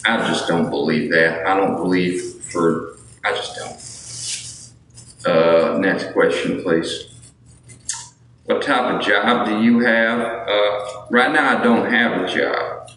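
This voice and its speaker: A raspy-voiced man in his thirties chatting casually on a livestream, reading viewer comments aloud and answering with boastful jokes. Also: deep voice, fairly even intonation, slow pace, long pauses, fairly bright tone. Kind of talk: casual live chat. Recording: echoey room, mic at a distance, faint noise.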